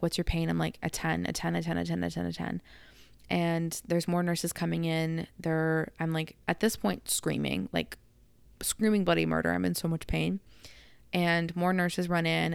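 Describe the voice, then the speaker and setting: A young woman telling a personal story on her own channel in a chatty, animated way, acting out the dialogue as she goes. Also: fairly low pitch, gravelly, clean tone, dry recording. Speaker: vlogger. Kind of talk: casual storytelling.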